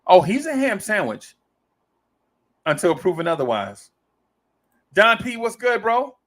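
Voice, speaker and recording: A man whose voice sits high and swings widely in pitch speaks unhurriedly as host of a casual fan stream. He reads viewer comments aloud with playful humor, laughing easily and often repeating himself.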